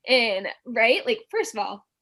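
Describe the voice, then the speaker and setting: Young female guest with a slightly high pitch, animated storyteller who acts out the dialogue. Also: measured pace. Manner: animated, acts out quotes, many "like" fillers. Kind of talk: casual storytelling.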